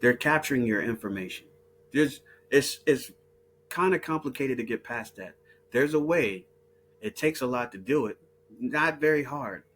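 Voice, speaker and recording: A man's voice: mid-range voice, expressive, normal speed, a bit bright, a little hiss or hum. A man hosting his own video, talking in a heated, profane monologue full of repeated words and restarts. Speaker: video host. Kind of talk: casual monologue.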